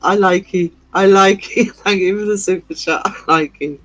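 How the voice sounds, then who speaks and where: A man's voice: sits high, fairly even intonation, moderate pace, a bit bright, no echo, poor audio. A man hosting a livestream, giggling as he reads out chat messages. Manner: giggly, reading chat aloud. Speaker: livestream host. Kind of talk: casual live-stream chat. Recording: faint music behind.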